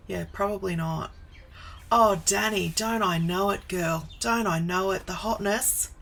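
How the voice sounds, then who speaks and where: A woman's voice: mid-range voice, measured pace, gravelly, fairly bright tone, slight background noise, rough recording. A woman in her forties chatting casually on a live stream from her home office, greeting viewers by name and wandering into asides. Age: 40s.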